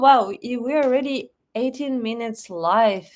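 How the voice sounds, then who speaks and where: Russian woman, young, live-stream host, slow unhurried speech, fairly high voice, chatty, laughs often, many fillers. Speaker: livestream host. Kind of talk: casual live-stream chat reading comments. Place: home in Moscow.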